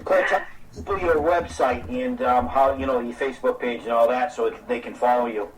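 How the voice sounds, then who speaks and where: A man with a Boston accent hosting a casual radio talk show, relaxed and joking. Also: medium pitch, brisk, distant mic, slight background noise, low-quality recording. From Salem, Massachusetts.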